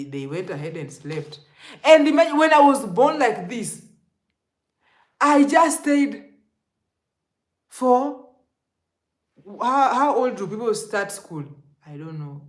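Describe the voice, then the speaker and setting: A young Kenyan woman with a Kenyan accent telling stories to camera in an animated way, laughing and dropping to hushed asides. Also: mid-range voice, slow, long pauses. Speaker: vlogger. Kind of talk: casual storytelling to camera. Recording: echoey room.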